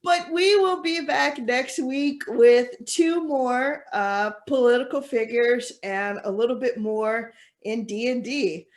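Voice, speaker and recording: A woman's voice: fairly high pitch, slow pace, few pauses. A young woman co-hosting a casual podcast, chatty and thoughtful, with many fillers. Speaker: co-host.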